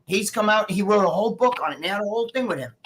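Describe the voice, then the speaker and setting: A man's voice: high voice, expressive, racing, fairly bright tone, low-quality recording. Profane rambling New man. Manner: profane, rambling, acts out quotes. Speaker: guest. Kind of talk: casual political rant. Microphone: video call.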